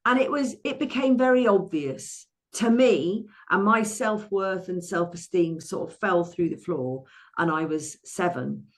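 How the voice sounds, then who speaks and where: An English woman in her sixties, a therapist and money coach, telling her life story as an interview guest in a lively way, with frequent restarts and playful acted-out quotes. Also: on the low side, measured pace. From England. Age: 60s.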